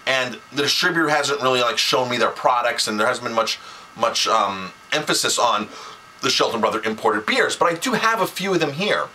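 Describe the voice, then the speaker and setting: A chef and restaurant owner talking straight to camera, animated and exasperated, often restarting his sentences. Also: mid-range voice, brisk, a little hiss or hum, low-quality recording. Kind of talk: casual to-camera rant.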